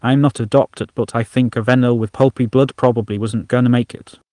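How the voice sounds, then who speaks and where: A man's voice: medium pitch, fairly even intonation, fairly quick, mellow, no room sound, clean studio sound, natural voice. A man doing an offbeat, musing inner voice. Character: odd, whimsical inner voice, curious and offbeat.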